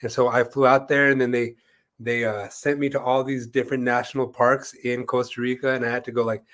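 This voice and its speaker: As co-host of an interview show, a man with an ordinary-pitched, slightly bright voice tells a long story in casual conversation. He speaks fairly quickly in a level tone, rambling loosely with lots of fillers and acting out the voices of the people he quotes.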